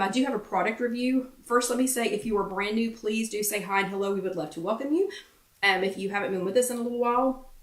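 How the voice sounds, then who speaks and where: A woman's voice: mid-range voice, distant mic. A middle-aged woman hosting a casual live-stream chat from home, chatting and greeting viewers by name as she goes. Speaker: host of a live weekly wellness chat. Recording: roomy echo, speaking from off the mic.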